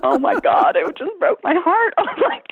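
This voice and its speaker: A woman's voice: very high voice, normal speed, vocal fry, a crowd in the background. A woman, an emergency room nurse, telling stories in a casual conversation and laughing often. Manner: laughs often, animated storytelling. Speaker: ER nurse guest. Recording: phone-like remote audio.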